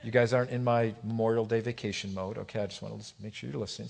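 A pastor preaching a sermon, swinging from loud emphatic exhortation to quiet asides to the congregation. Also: male voice, medium pitch, sing-song, quick pace, vocal fry, few pauses.

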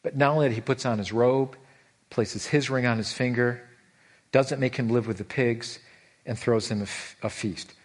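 A middle-aged man preaching a sermon as pastor, animated, with his voice leaping high for emphasis and slowing right down on key words. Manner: animated, voice leaps high for emphasis, drawn-out slow stresses.

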